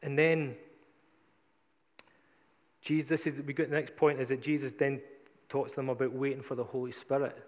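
A man's voice: mid-range voice, level tone, normal speed, long pauses, big-room sound. A man preaching a sermon, retelling scripture in a casual, conversational storytelling way.

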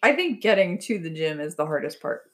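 Animated woman telling stories. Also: fairly low pitch, a little fast. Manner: animated storytelling, acts out quotes with profanity. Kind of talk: casual chat.

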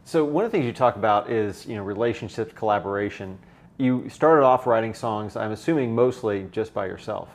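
Low-voiced male interviewer. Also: lively intonation, fairly quick. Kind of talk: interview questions.

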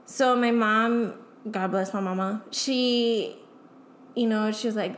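A woman's voice: fairly high pitch, steady tone, slow pace, slight background noise. Young woman talking openly, echoey room. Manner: emotional, frequent "like" fillers, swearing. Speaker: guest. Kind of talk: candid casual chat.

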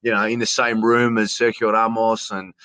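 A middle-aged Australian man in a casual interview, telling stories in a chatty, animated way and calling the host "mate". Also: lowish voice, moderate pace, no room sound. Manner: chatty, animated storyteller who says "mate" often. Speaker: interview guest, sports announcer.

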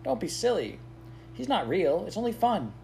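An eager village boy bubbling over with excitement, as a male narrator puts him on. The voice jumps well above the reader's own and swings about a lot, urging and pleading. Read for a storybook. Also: high voice, normal speed, vocal fry, slight background noise, pitched above the performer's own voice, full character voice. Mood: coaxing. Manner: coaxing, pleading, then impatient. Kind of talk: audiobook character voice.

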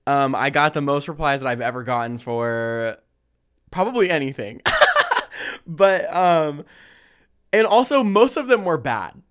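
A young man hosting a casual chat, reading listener stories and telling his own with lively slang and frequent laughter. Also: on the high side, unhurried, smooth. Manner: animated, laughs often, chatty slang. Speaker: podcast host.

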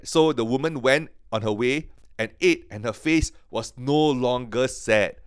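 A man's voice: mid-range voice, clear, resonant tone, dry recording, studio quality. A man teaching from the Bible on a podcast, earnest and eager, who often stops and repeats his words as he goes. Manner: earnest, halting, many restarts and repeated words; grows excited and emphatic.

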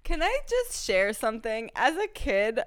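Easygoing young woman with a smooth voice. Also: a little high, sing-song. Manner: easygoing, laughs often, quick responses. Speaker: podcast co-host. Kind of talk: casual chat.

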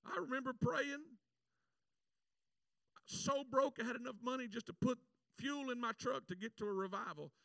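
High, gravelly preacher. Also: male voice, normal speed, pauses often, dry recording, far from the mic. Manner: animated, shouts acted prayers. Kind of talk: sermon with personal story.

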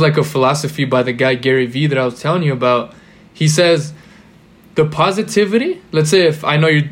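Young man, casual chat, rambling, filler-heavy, slightly raised pitch. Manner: rambling, heavy use of "like" fillers, loose slang and swearing. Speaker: podcast guest or co-host.

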